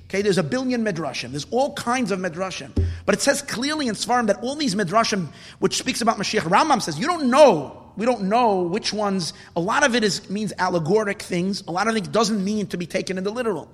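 A man preaches with passion, his high, bright voice swinging between quiet reasoning and indignant outcry. The sound carries a long reverberant tail from the room. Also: expressive, brisk, hardly any pauses. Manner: impassioned, rising to shouts of indignation. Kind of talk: passionate Torah talk.

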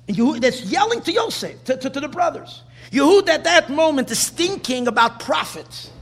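A man giving an animated Torah class, driving his points home with rhetorical questions and repeated phrases. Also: very high voice, slightly rough. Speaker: Torah teacher.

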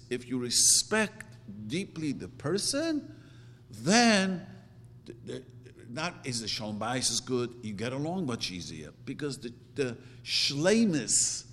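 A middle-aged man giving an earnest, repetitive religious teaching, with sudden jumps in pitch. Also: a bit bright. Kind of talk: Torah class sermon. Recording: roomy hall reverb, faint noise.

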